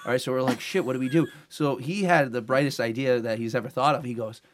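A man's voice: medium pitch, quick pace, a little hiss or hum. A young man, co-host of a casual podcast, telling a rambling story and tagging lines with "all right?".

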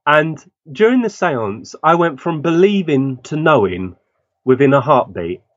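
A man's voice: fairly high pitch, sing-song, measured pace, dry recording. A man telling a personal story as a guest, acting out the lines of people he quotes. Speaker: guest medium. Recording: dull lo-fi dry recording.

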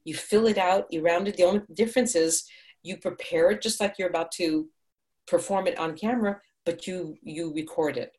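A woman's voice: on the low side, normal speed, a little mellow. A middle-aged woman from Hungary, an actress, chatting upbeat in an interview, digressing and laughing often. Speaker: actress and audiobook narrator. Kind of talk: casual interview answers.

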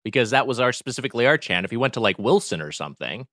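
A man's voice: medium pitch, animated, rapid-fire, a bit bright, dry recording, clean studio sound. A man from Long Beach, California co-hosting a podcast, telling stories in casual chat with quoted voices and emphatic swearing. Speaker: podcast co-host.

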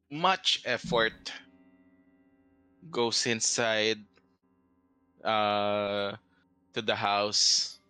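A man narrating as game master of a tabletop game, halting and full of fillers. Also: on the low side, bright, forceful tone, clear, resonant tone, dry recording, poor audio. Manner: halting, hesitant with many fillers.

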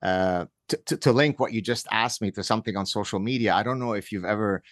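A man's voice: on the low side, quick pace, no echo, studio quality. Wry middle-aged man guesting on a podcast. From Canada. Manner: discursive, frequent restarts, wry humor. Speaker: guest author. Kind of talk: conversational interview.

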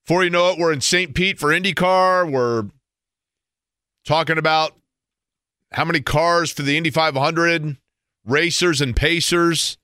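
A man's voice: on the high side, measured pace, pauses often, sharp tone, smooth, no echo, studio quality. A middle-aged man hosting a sports talk radio show, rambling playfully and poking fun at himself. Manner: rambling, playful, self-mocking.

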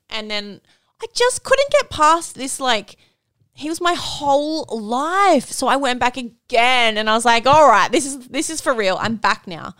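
A woman's voice: high voice, very animated, measured pace, fairly bright tone, smooth, no echo, studio quality. A woman, co-hosting a podcast and telling a personal story in casual chat, candid and swearing freely. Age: 30s. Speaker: podcast co-host.

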